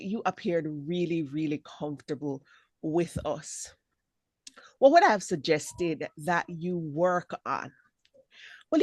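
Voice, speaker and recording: A woman giving spoken feedback as a speech evaluator on a video call, encouraging and lively, acting out examples as she talks. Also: fairly low pitch, no room sound. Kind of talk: spoken feedback at an online meeting.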